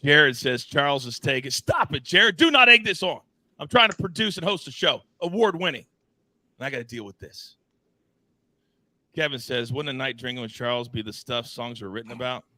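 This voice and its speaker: A man hosting a live sports betting show, teasing his co-hosts and reading chat in a playful, animated way. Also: medium pitch, a little fast, dry recording. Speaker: host.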